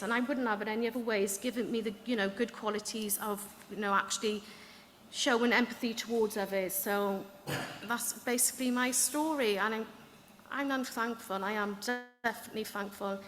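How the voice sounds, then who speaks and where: A woman giving an earnest, heartfelt speech about her learning, with quick asides. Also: mid-range voice, fairly bright tone, a little hiss or hum. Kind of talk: personal story speech. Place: event hall. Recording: echoey hall with faint ambience.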